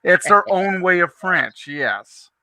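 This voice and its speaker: A man's voice: high voice, expressive, slow pace, bright, forceful tone, dry recording. A man in a casual chat, joking and chuckling as he tells stories.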